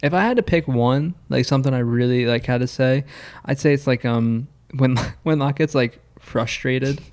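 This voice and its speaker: A man's voice: mid-range voice, normal speed, darkish tone. A young man co-hosting a podcast in casual chat, talking in a loose, rambling way with lots of filler words. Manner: laid-back, rambling, heavy on fillers like "like". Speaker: podcast co-host.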